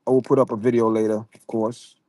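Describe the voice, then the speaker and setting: Talking fast in a mellow, medium-pitched voice with little pitch movement, a man with a Jamaican accent hosts a casual livestream, speaking directly to his chat viewers. He often stammers and repeats words, and the audio has no echo.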